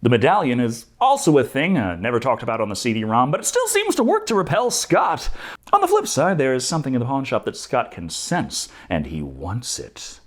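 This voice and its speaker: A man's voice: medium pitch, wildly swooping pitch, fairly quick. Sarcastic man reviewing a movie. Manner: sarcastic, jokey. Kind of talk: comedic movie review narration.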